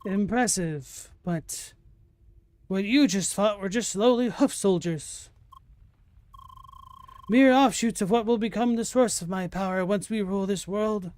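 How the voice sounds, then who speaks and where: Pompous game villain, voiced by a streamer, grandiose, commanding, mid pitch. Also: unhurried, pauses often, darkish tone, natural voice. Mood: gloating. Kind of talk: reading game dialogue aloud in character.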